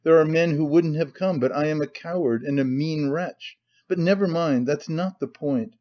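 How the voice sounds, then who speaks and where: A man's voice: a little high, normal speed, voice pushed up, lightly acted. A man playing a bitter, tormented young man who speaks wearily and breaks into despair, in a slightly muffled recording. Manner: weary, brooding, bursts of despair.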